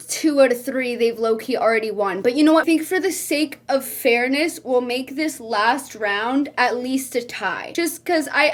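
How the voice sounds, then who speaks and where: A woman with a high-pitched voice reacts to posts she reads aloud in casual commentary. She sounds animated and incredulous and laughs often. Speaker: streamer and content creator.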